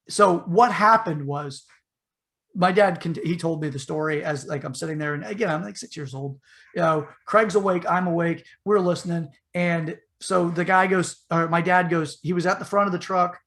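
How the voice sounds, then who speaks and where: A man's voice: fairly high pitch, moderate pace. A man telling a long story casually on a podcast, rambling with fillers and acting out the voices. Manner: animated retelling, acts out the voices in his story; loose and rambling, with many fillers and restarts.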